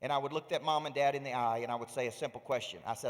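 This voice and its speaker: A middle-aged man giving an energetic motivational stage speech as a coach, often putting questions to a live audience. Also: medium pitch, very fast. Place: large hall before a live audience. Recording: reverberant hall.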